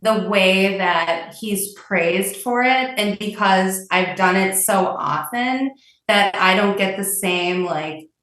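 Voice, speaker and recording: A woman's voice: medium pitch, slow pace, a bit bright. A woman calling in for advice, who talks in a hesitant, rambling way and fills her speech with "like.". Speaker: caller seeking advice. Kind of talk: casual chat. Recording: roomy, distant sound.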